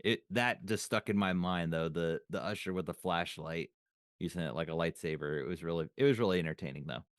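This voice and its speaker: A man's voice: deep voice, brisk, no echo, clean studio sound. A man co-hosting a podcast, chatting casually and recalling old memories aloud with restarts and trailing thoughts. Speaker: podcast co-host. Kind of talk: casual chat.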